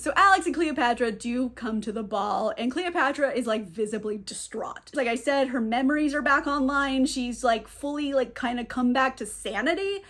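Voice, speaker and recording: A woman's voice: sits high, moderate pace, few pauses, a bit bright. A woman book reviewer giving a chatty, casual plot recap, full of "like" and laughs. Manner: chatty, fillers of "like", laughs often.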